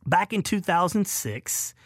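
Southern male radio host, bright and slightly high, rambling and chuckling, dry studio sound. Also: lively intonation, measured pace, no echo. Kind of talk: call-in radio storytelling.

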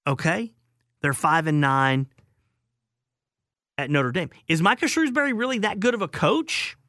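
A man's voice: a little high, expressive, a little slow, sharp tone, no room sound. A male sports radio host giving opinionated, emphatic call-in talk into a studio microphone.

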